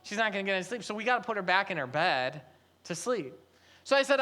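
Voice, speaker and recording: Man preaching with a relaxed, storytelling manner. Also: high voice, quick pace. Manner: conversational storytelling with light humor. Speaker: pastor. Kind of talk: sermon.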